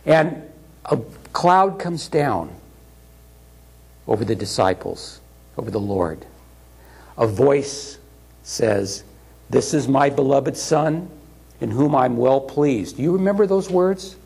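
Guy preaching a sermon, kinda husky, chatty, does little voices for the quotes. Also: mid-range voice, darkish tone. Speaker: pastor.

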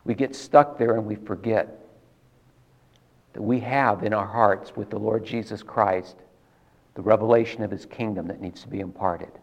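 A man preaching a sermon in an earnest, measured teaching manner, stressing key words with repetition. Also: fairly low pitch, gravelly.

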